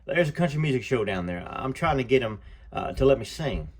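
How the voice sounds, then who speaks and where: A man's voice: medium pitch, animated, brisk, natural voice. A man reading the lines of an eager eighteen-year-old boy singer in an upbeat storybook manner.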